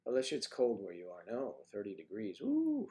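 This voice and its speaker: A man's voice: lowish voice, fast talker, darkish tone. Older man hosting a chatty livestream. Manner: chatty, greets viewers by name, playful. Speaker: livestream host. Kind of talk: casual livestream chat reading viewer comments.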